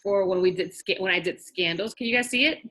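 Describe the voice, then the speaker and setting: A woman's voice: mid-range voice, fast, a bit bright. Woman from New York, online class instructor, chatty and direct, frequent laughs. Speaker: wedding planning instructor. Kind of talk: online class, casual teaching.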